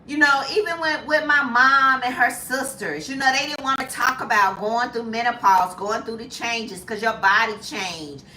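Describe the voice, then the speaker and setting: A woman in her fifties chatting casually as a lifestyle vlogger, animated and jumping to high squeals when acting out reactions. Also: moderate pace, few pauses, reverberant, recorded from a distance, slight background noise. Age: 50s. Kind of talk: casual chat.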